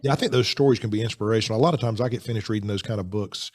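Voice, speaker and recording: A man hosting a casual podcast chat, talking in a chatty, animated way with frequent restarts. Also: fairly low pitch, racing. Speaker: podcast host.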